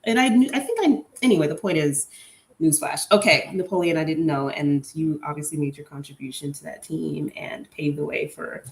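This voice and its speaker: A young woman chats candidly on her podcast, throwing out opinions with plenty of fillers. Her voice sits a little low. The room around her is echoey. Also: a little fast. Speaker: podcast host. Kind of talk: casual solo podcast chat.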